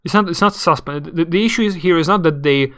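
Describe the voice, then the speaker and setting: Brief: young male streamer, fairly high and smooth voice, rambling and halting. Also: fairly bright tone. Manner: rambling, halting, searching for words. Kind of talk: casual live game commentary.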